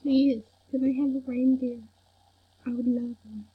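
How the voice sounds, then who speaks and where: A young woman giving casual gameplay commentary, excitable and fawning over what she sees, in a soft, breathy voice. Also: high-pitched, measured pace. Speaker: gamer. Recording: dull lo-fi home recording.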